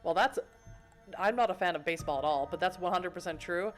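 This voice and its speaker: A woman from Boston reads a video game's story text aloud on a livestream. She breaks off often for playful, giggly comments to her chat. Her voice sits a little low, and soft music plays underneath. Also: brisk. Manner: playful, giggly, chatty asides. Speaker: streamer. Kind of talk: reading game text and chatting on a livestream.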